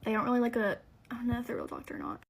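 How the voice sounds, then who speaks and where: Young woman vlogger, rapid chatty storytime delivery, fairly high voice, dramatic retelling. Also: steady tone. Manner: chatty, dramatic, lots of "like" fillers. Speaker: beauty vlogger. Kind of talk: storytime vlog while getting ready.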